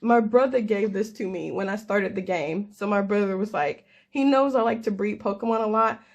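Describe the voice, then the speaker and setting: A woman's voice: mid-range voice, normal speed, vocal fry. A young adult woman telling a rambling, casual story with self-deprecating laughs. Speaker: crafter and gamer.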